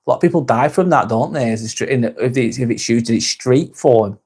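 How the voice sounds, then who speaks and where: A British man hosting a live stream, chatting with viewers in a calm, relaxed, easygoing way. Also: medium pitch, fast, husky. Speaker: live-stream host reading viewer comments. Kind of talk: casual live-stream chat.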